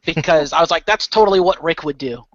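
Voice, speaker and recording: A man in a casual podcast chat, telling stories in a lively way. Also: a little high, quick pace, no room sound. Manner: lively storyteller. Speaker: podcast co-host. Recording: dull lo-fi dry sound.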